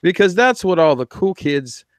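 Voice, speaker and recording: Podcast host, man, fairly high voice, loose joking banter, dry close recording. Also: very animated, moderate pace, no room sound. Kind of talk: casual chat. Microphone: video call.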